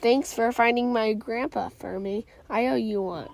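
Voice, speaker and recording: A woman reading a comic story aloud and voicing every part, halting and restarting over the words. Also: fairly high pitch, gravelly, darkish tone. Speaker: reader.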